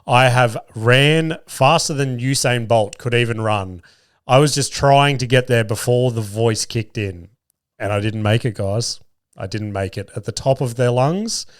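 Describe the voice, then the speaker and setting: A man's voice: mid-range voice, no room sound, clean studio sound. A man hosting a podcast, telling a rambling, sweary story about his week as a cabinet maker. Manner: swears freely, rambling with restarts. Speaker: podcast host. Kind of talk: casual storytelling monologue.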